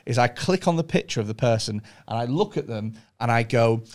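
A man's voice: mid-range voice, expressive, brisk. A man hosting a podcast, telling stories expressively in casual chat, acting out quotes and swearing freely.

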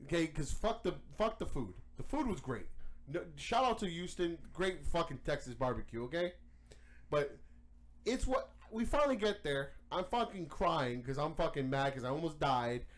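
A man hosting a podcast, telling a story in casual chat, animated and profane. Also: a little high. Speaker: podcast host.

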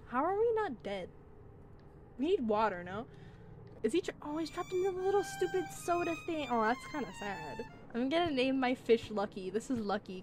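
A woman with a slightly high voice gives excitable let's play commentary, reacting to everything as it happens, swearing and laughing along the way. A faint ambient noise sits under her voice. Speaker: gaming channel host.

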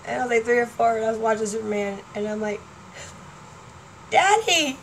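A woman's voice: fairly high pitch, flat delivery, rapid-fire, a little hiss or hum, rough recording. A woman in her forties talking casually to her fans in a vlog, rambling between topics and laughing often. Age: 40s. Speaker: vlogger.

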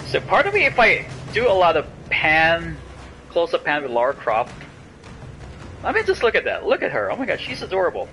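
A young man hosting a let's play, joking and breaking into loud exclamations as he plays. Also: fairly high pitch. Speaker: gaming channel host. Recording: game music playing behind.

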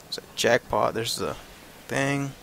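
Frustrated gamer thinking aloud. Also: male voice, medium pitch, measured pace, gravelly, fairly bright tone, slight background noise. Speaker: let's play gamer. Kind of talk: casual gameplay commentary.

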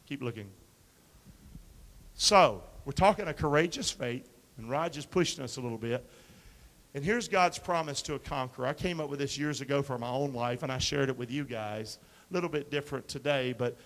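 A man preaching a sermon as pastor, quoting scripture and calling for responses from the congregation, shifting between quiet asides and loud emphatic lines. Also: on the high side, fairly quick. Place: church sanctuary. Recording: long reverb of a hall.

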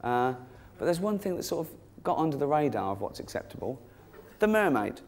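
A man's voice: on the high side, very animated, fairly quick, a little mellow. A middle-aged man doing a stand-up comedy routine, cheeky and rambling, often breaking into giggles. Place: comedy stage before an audience. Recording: noisy live stage recording.

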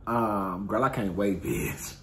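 A man in his thirties telling casual stories straight to his viewers in a sassy, expressive way, calling them "girl" and "honey" and swearing freely. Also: fairly low pitch, slow, vocal fry, background noise. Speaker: host of his own talk stream.

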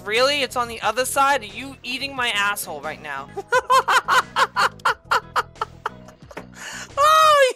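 A woman streaming a video game, raging and cursing loudly at it in heated gameplay commentary. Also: sits high. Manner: furious profane yelling at the game. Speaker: gaming streamer.

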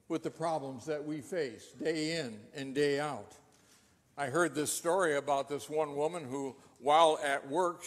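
Pastor guy preaching, kinda high voice, earnest questions, long church echo. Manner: earnest storytelling with rhetorical questions. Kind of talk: sermon. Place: church sanctuary. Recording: long reverb of a church hall.

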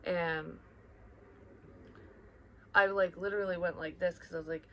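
Young woman rambling bluntly, swears a lot, lowish voice, faint room hum behind. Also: steady tone, a little slow, lo-fi sound. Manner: blunt, heavy swearing, rambling, drops into whispers. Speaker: psychic reader. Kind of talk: casual personal chat.

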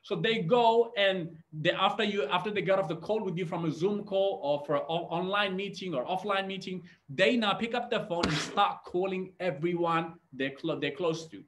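A male network marketing trainer gives a motivational training talk with a notably high voice. He speaks energetically and addresses his audience directly, keeping them engaged. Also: moderate pace, hardly any pauses, fairly bright tone.

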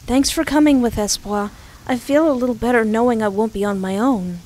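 A woman voicing a timid, easily scared young man for a game playthrough, nervous and soft-spoken. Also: extremely high pitch, a little fast. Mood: earnest.

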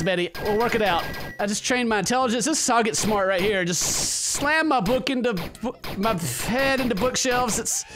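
A man doing let's-play commentary, rambling, laughing often and hamming up mock-romantic lines to a game character. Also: high-pitched. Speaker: gaming YouTuber.

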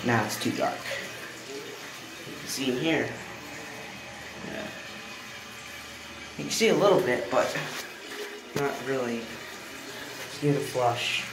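Filmed on a phone in a bathroom, a channel host gives a rambling, easily amused show-and-tell of a toilet for a casual vlog. The voice is medium-pitched, slow, with long pauses, and background noise fills the echoey room along with running water.

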